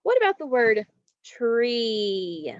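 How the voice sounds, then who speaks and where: A woman's voice: a little high, animated, no echo. A woman teacher, leading a recorded phonics lesson for children and carefully drawing out each word. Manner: slow, careful, drawn-out word modeling. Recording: dull, dry, lo-fi home recording.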